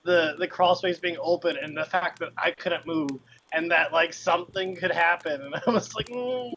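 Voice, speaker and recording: A man's voice: on the high side, fairly even intonation, moderate pace, sharp tone, a little hiss or hum, rough recording. A man in casual podcast chat who tells a personal story with many restarts and frequent laughs.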